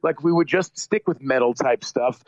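Rambling animated musician telling stories. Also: male voice, medium pitch, normal speed, dry recording, lo-fi sound. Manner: animated, rambling, self-deprecating humor. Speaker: musician guest. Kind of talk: casual interview storytelling.

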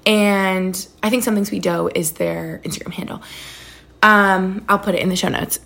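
A woman's voice: medium pitch, steady tone, a little fast, creaky, a bit bright. A woman in her thirties hosting a podcast in casual, bubbly chat, gushing and full of fillers. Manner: bubbly, chatty, gushing, lots of "like" and "oh my gosh". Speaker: podcast host.

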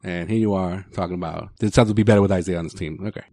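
A man with a lowish voice hosts a casual sports podcast, talking fast and teasing his co-hosts. His pitch moves lively, and the recording is dry and close. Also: dry recording. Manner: quick, teasing, ribs co-hosts. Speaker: podcast host.

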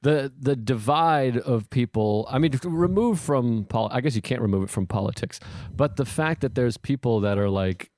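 A man's voice: mid-range voice, normal speed, darkish tone, no room sound, clean studio sound. A man chatting casually from home, rambling and jokey, often restarting his sentences. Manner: rambling, self-interrupting, jokey. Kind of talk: casual chat. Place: home in Queens.

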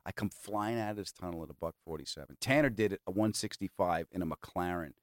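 A man hosting a podcast, telling a long story in an animated, rambling way and swearing freely. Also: deep voice, fast talker, dry recording, studio quality. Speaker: podcast host. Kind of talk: casual storytelling chat.

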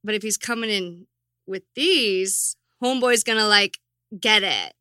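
A woman co-hosting a podcast in casual chat, chatty and quick to agree. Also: mid-range voice, sharp tone, clear, resonant tone, dry recording, studio quality. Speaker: co-host.

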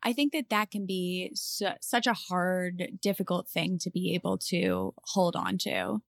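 A woman's voice: on the low side, animated, unhurried, gravelly, no echo, clean studio sound. A woman co-hosting a podcast in casual chat, earnest and reflective as she explains her view. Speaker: podcast co-host.

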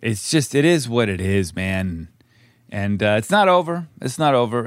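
A man's voice: mid-range voice, lively intonation, moderate pace, dry recording, clean studio sound. A middle-aged man co-hosting a podcast, chatting candidly and rambling with frequent restarts. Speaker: podcast co-host, actor. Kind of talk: casual podcast chat.

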